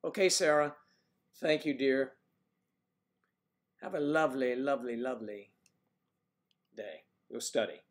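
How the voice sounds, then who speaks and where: A man's voice: mid-range voice, unhurried, pauses often. Joking man chatting on a livestream. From Washington DC area, USA. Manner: joking, chatty, teasing the audience. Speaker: livestream host reading chat. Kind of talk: casual livestream chat.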